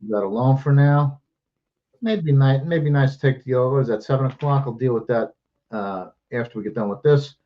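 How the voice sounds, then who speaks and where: Profane, rapid-fire betting host, out of breath. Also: male voice, mid-range voice, muffled recording. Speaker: sports betting show host. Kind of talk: casual betting picks chat.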